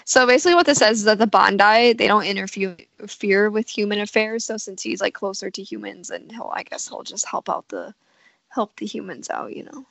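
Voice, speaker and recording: A woman's voice: medium pitch, a little fast, gravelly, fairly bright tone, no room sound. A woman co-hosting a casual podcast, talking in a sassy, playful way with lots of "like", lying on her bed at home. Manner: sassy, playful, says "like" often. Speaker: podcast co-host. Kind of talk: casual chat. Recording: dull lo-fi dry sound.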